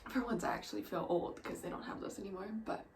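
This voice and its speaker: Young woman vlogger, hushed and halting, emotional, faint hiss behind her. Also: medium pitch, gravelly, poor audio. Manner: soft-spoken, often near a whisper, halting. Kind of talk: personal storytelling vlog.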